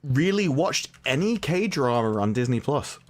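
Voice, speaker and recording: This is a man with a casual, everyday received-pronunciation English accent, chatting as a co-host on a livestream. His pitch swings up and down a lot as he explains things at length, often restarting mid-sentence. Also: very animated, unhurried.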